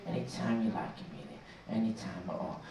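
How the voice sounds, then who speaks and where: Joking Mancunian cruise director on stage. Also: male voice, low voice, a little fast, vocal fry. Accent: Manchester English. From England. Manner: joking, teasing, lively showman. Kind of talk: stage hosting with jokes to an audience. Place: ship theater stage. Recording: echoey theater heard from far off over crowd noise. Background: audience cheering and laughing.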